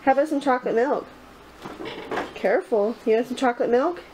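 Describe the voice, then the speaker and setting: High-voiced mom in noisy home video. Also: female voice, fairly quick, darkish tone. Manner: sing-song baby talk, frequent laughs. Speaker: vlogger and mother. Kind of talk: casual home vlog, talking to her baby. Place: home, indoors.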